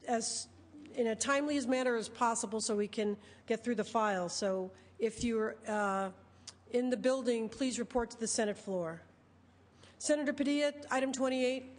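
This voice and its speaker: High-voiced woman chairing a session. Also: darkish tone. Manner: brisk procedural phrasing. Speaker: presiding officer. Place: legislative chamber. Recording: long reverb of a large chamber.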